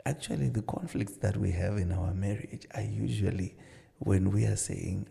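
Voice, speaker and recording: A middle-aged man, a marriage counsellor and pastor, earnestly telling stories and acting out dialogue in a relaxed conversation. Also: lowish voice, normal speed, creaky. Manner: earnest storytelling with many "you know" asides, acting out dialogue. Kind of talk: casual advice-giving conversation.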